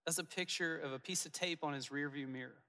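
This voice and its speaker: A male pastor shares personal stories in a sermon, earnest and gentle. His voice is bright and slightly higher than most men's. Long reverb from a big church auditorium hangs on every word, with soft music underneath. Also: quick pace. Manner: personal storytelling, earnest and warm-hearted with soft asides.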